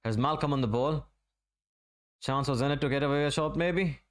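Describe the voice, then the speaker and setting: A man from Asia giving relaxed, running play-by-play commentary during a live football watch-along stream. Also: a little high. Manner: running play-by-play, conversational and unhurried.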